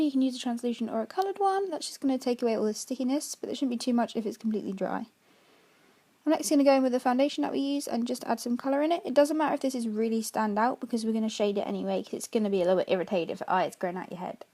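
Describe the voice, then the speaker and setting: A woman talks through her makeup tutorial in a quick, chatty voice-over. Her voice sits high and she moves along fast, explaining every step. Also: dark tone. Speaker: makeup artist.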